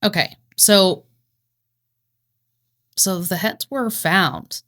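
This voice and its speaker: A woman's voice: mid-range voice, drawn-out words, fairly bright tone. A woman co-hosting a true-crime podcast in casual chat, joking sarcastically and swearing freely. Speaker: podcast co-host.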